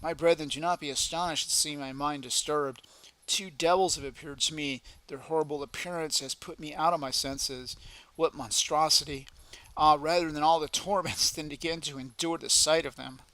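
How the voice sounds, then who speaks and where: A man's voice: on the high side, steady tone, normal speed, pushed and bright, no room sound, low-quality recording. A man reading the part of a monk terrified by a vision, anguished and urgent. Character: terrified monk in his cell.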